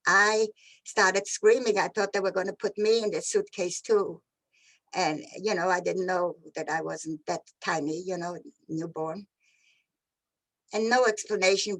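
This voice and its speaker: An older woman giving personal testimony of her childhood, halting and often repeating and restarting words. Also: on the low side, low-quality recording. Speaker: Holocaust survivor. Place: virtual event.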